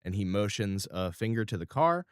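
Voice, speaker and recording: A man's voice: on the low side, sing-song, normal speed, smooth, dry recording, studio quality. A man narrating as game master of a tabletop game, describing scenes casually with filler words.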